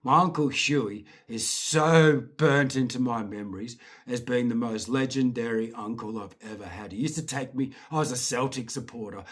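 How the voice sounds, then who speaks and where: A man's voice: medium pitch, normal speed, few pauses, a bit bright, husky. A middle-aged Scottish man telling his own childhood stories in a rambling, swearing, chuckling way. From Scotland. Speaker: storyteller. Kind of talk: casual personal storytelling.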